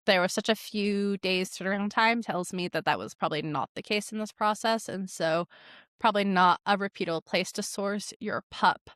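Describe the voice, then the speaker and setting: A young woman who trains dogs and hosts a podcast reads online posts aloud and comments on them casually. Her mid-range voice is smooth and a bit bright, with lots of "like" and amused asides. The recording is studio quality with no room sound.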